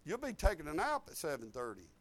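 A man, preaching a sermon in a folksy storytelling way that swings from low asides to loud emphatic lines. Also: wildly swooping pitch, fast talker. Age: 50s. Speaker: pastor.

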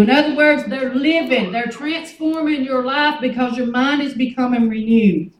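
A woman's voice: sits high, moderate pace, darkish tone, lo-fi sound. A woman, preaching a folksy sermon and calling on the congregation to answer back. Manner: folksy, calls on the congregation for responses. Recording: echoey room, mic at a distance, noisy.

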